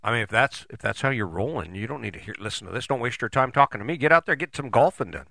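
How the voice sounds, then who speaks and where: A man's voice: medium pitch, lively intonation, fast talker, creaky, bright, forceful tone, dry recording, studio quality. A middle-aged man giving a casual, rambling motivational monologue as a podcast host, folksy and casually swearing.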